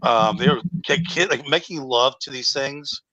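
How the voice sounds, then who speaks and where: A man's voice: medium pitch, normal speed, pushed and bright, no echo, highs cut off. A man guesting on a live stream, chatting casually and goofily, repeating jokey questions. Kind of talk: casual chat.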